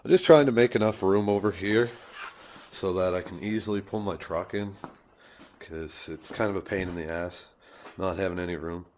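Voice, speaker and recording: A man's voice: sits low, normal speed, darkish tone, a little hiss or hum. Laid-back man rambling in his garage. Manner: swears casually, laughs often. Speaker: vlogger. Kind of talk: casual rambling vlog. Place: home garage. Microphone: phone camera held by hand.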